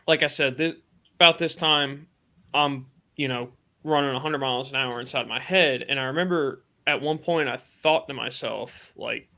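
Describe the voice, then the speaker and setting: A man's voice: mid-range voice, pushed and bright. A man hosting a live stream, casually retelling a personal story in a rambling way with lots of fillers and quoted thoughts. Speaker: podcast host.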